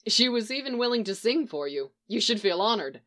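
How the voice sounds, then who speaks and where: A woman's voice: a little high, very animated, a little fast, a bit bright. A woman reading the lines of a cheerful, fond young husband who speaks in an easygoing way.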